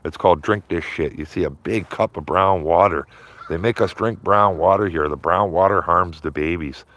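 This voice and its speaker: A man's voice: deep voice, moderate pace, a bit bright. A man chatting casually to his livestream viewers from outdoors by a river, rambling and repeating himself, ending phrases with "man". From Canada. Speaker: livestreaming auditor.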